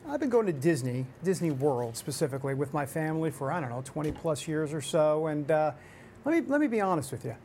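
A man's voice: a little high, brisk, a little hiss or hum. Chatty New York-accented male host. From Upper West Side of New York. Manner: chatty, emphatic, animated asides. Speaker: talk show host. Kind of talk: political talk show.

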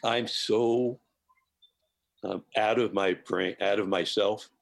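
A man, a chef, telling a personal anecdote in an interview, animated and laughing often. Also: on the low side, takes it slowly, gravelly, no echo, low-quality recording. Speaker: guest chef.

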